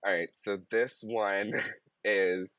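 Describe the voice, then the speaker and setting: A man's voice: lowish voice, fairly even intonation, slow pace, a bit bright, dry recording. A man co-hosting a podcast, reading stories aloud in casual chat and laughing mid-sentence. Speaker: podcast co-host.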